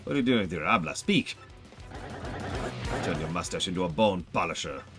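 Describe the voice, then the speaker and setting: A cold-blooded ghost pirate captain, as a man puts him on, booming out threats in a theatrical, swooping voice. He sounds boastful and menacing, with game music playing behind him. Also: expressive, normal speed.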